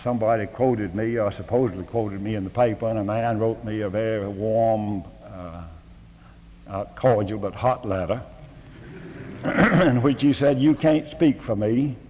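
A man's voice: lowish voice, unhurried, a little mellow, slight background noise. An older man, giving a homespun, humorous address to a seminary faculty, full of fillers and rhetorical questions. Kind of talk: folksy sermon-style address. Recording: long hall reverb.

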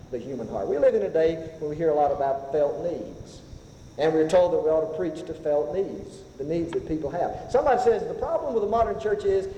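Fervent high-voiced preacher in an echoey hall. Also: male voice, a little hiss or hum. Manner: fervent preaching, swinging from loud highs to hushed lows. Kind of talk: sermon. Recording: echoey hall, faint ambience.

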